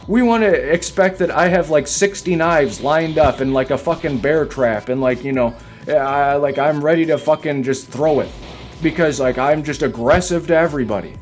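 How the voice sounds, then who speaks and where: An upset man with a fairly high voice vents on his live stream, agitated and defensive, packing his talk with swearing and "like". Faint game music sits underneath. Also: a little mellow. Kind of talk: venting rant on a live stream. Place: home, by a window.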